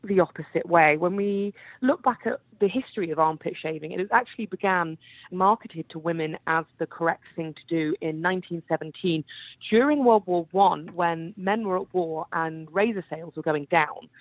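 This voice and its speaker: A young woman, a guest writer, explaining her view on radio in an articulate, steady way. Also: on the low side, normal speed, no room sound, muffled recording. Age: young adult. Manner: articulate, steady, argues point by point.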